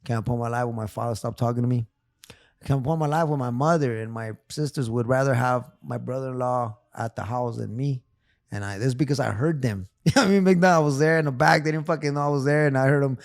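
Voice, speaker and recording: A man's voice: medium pitch, fast, gravelly, no room sound. A man guest telling a personal story on a casual podcast, emotional and profane, repeating phrases. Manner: repeats phrases, calls host big dog. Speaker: therapist guest.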